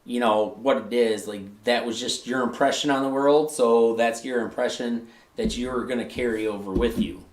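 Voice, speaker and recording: A man's voice: mid-range voice, steady tone, moderate pace. A man hosting a live stream, talking in a rambling, casual way, with many fillers and some swearing. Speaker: host. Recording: echoey room.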